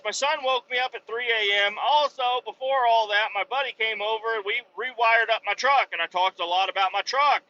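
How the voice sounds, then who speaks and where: Profane ranting man, bright voice. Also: very high voice, highs cut off. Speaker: podcast host, truck driver. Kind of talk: casual solo podcast rant.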